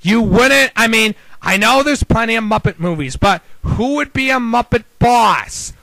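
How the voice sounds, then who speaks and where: A man's voice: very high-pitched, lively intonation, a little slow, bright, forceful tone, dry recording, rough recording. A man ranting casually about video games, rambling through exasperated rhetorical questions. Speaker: video game commentator. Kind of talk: casual opinion rant.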